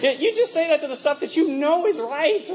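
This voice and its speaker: A man's voice: extremely high pitch, lively intonation, fairly quick, crowd noise, background noise. A young man preaching a conversational sermon, full of rhetorical questions and laughing asides, with a mixed accent. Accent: mixed, from working in a multinational office.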